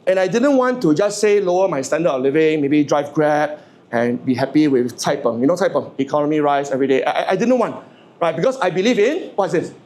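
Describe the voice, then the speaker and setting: High-voiced man giving a funny speech. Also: brisk. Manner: lively, stammers and repeats words, jokes and asks the audience questions. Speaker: motivational speaker. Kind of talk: humorous public speech to a live audience.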